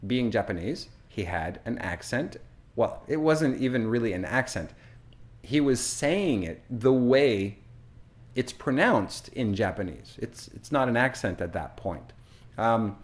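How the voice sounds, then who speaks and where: A man who teaches English, telling a story slowly and deliberately as a lesson and acting out the quotes. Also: mid-range voice. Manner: slow, deliberate, acts out quotes.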